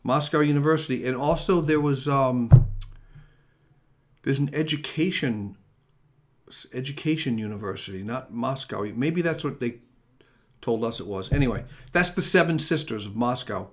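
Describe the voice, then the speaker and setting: A man's voice: medium pitch, normal speed. A middle-aged man hosting a casual talk show, rambling and joking as he signs off. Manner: rambling, chatty, jokey. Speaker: host.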